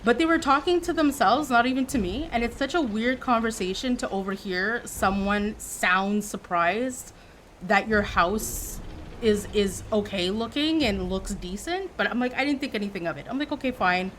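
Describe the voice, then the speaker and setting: A woman in her thirties from Quebec, a streamer telling a story to her chat in a casual, animated way. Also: a little high, normal speed, a little hiss or hum. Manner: animated, acts out quoted voices.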